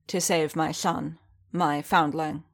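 A woman reading the lines of an angry, restrained male warrior in a low, tense voice. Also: level tone, takes it slowly, exaggerated voice. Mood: strained.

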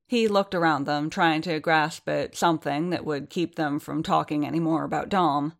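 Low-voiced woman narrating an audiobook. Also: vocal fry. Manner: measured, steady storytelling. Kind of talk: scripted narration.

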